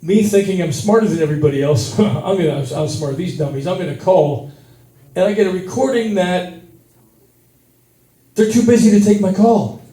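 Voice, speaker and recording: A man doing stand-up in a brewery, telling a travel story with plenty of swearing and bursts of yelling. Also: high voice, normal speed, long pauses. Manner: profane, animated, yells at the peaks. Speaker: stand-up comedian. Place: brewery stage. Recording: roomy venue sound from a distance.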